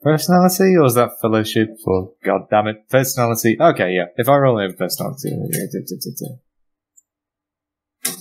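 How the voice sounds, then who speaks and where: A man's voice: mid-range voice, lively intonation, fairly quick, creaky. Playful man at a tabletop game. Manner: playful, teasing. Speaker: player. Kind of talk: casual tabletop game chat.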